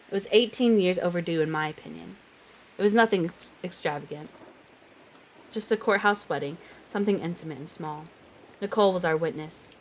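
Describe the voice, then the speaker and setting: A woman reading a novel aloud on a live stream, reading steadily and breaking off now and then for chatty reactions. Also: on the low side. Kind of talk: live read-aloud with asides.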